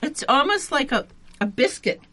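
A woman's voice: high voice, big pitch swings, moderate pace, bright, forceful tone. A woman co-hosting a radio food show, bubbly and exclamatory, chatting while tasting food. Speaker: radio co-host. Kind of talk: casual food talk on radio. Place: radio studio.

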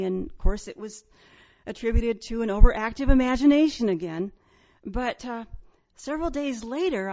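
A woman from Iowa telling a personal ghost story from her childhood in an earnest, halting way, on a dull lo-fi recording. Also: fairly high pitch, mellow. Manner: earnest, with many restarts and pauses.

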